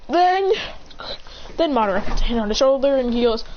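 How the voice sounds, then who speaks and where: A woman's voice: on the high side, lively intonation, brisk, highs cut off, a little hiss or hum. A woman casually retelling an imagined story in a rambling way. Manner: rambling, with fillers and restarts.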